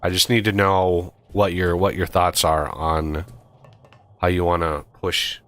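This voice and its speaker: Deep-voiced, slow-paced male game streamer, casual, thinking out loud. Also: flat delivery. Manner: thinks aloud, counts off steps while building. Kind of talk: casual multiplayer gameplay chat.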